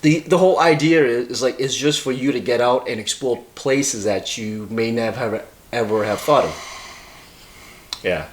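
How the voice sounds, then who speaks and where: A man's voice: medium pitch, measured pace. Boston guy rambling through a story on a podcast, um and like everywhere. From Massachusetts. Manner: rambling, hesitant storytelling with many fillers. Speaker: podcast co-host. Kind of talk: casual chat.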